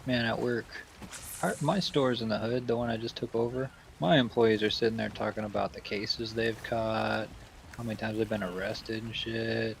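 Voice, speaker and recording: A man's voice: on the low side, fairly even intonation, moderate pace, gravelly, slight background noise, rough recording. Laid-back man telling stories. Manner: laid-back, laughing storyteller. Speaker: store manager. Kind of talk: casual chat, storytelling.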